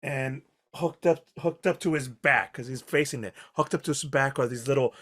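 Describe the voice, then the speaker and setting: A man narrating a tabletop game as game master, describing scenes in halting, rambling bursts full of fillers. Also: mid-range voice, fairly bright tone.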